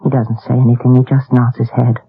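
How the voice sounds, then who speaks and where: An actress playing a practical, matter-of-fact woman in a 1970s radio drama, speaking briskly. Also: rumbling low, level tone, husky, full character voice. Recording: tinny old radio broadcast.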